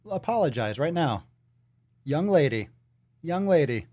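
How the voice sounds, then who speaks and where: A man's voice: mid-range voice, lively intonation, moderate pace, pauses often, a little mellow, no echo. A man hosting a casual livestream, playful and swearing freely, cooing at his dog in baby talk. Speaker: livestream host.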